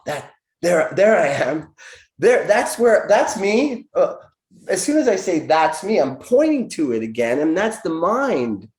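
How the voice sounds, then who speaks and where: A man's voice: medium pitch, a little mellow. A man guest speaking as a naturopathic doctor, giving an earnest, searching spiritual explanation. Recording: echoey room.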